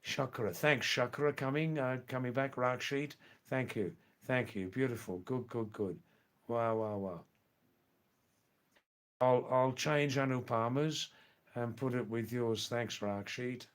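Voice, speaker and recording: An older man with an Australian accent hosting a live stream, answering viewer messages one by one in an unhurried way and often repeating his words. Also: medium pitch.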